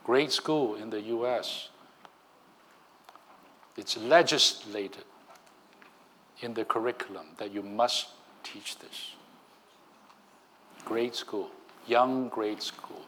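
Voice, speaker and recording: A male minister delivering a sermon at an unhurried pace. He is emphatic and often restarts his phrases. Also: on the low side, a bit bright, slight background noise. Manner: slow, emphatic preaching with many restarts.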